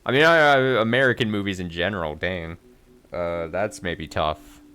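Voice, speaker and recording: A man's voice: low-pitched, moderate pace, sharp tone, smooth. A man giving casual let's play commentary, with wry, muttering, self-mocking asides as he plays.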